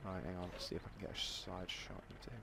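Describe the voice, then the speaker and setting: A man giving rambling, self-deprecating live commentary over a tank game, with sudden excited outbursts. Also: deep voice, fast talker, gravelly, slight background noise. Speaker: gameplay commentator. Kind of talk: casual live gameplay commentary.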